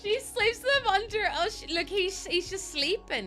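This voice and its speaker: A chatty young woman streams a building game and talks to her viewers in a high, bright voice. Her pitch bounces all over as she giggles and gushes her thanks. Soft game music plays underneath. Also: expressive, measured pace. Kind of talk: casual live-stream chat while gaming. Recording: faint game music behind.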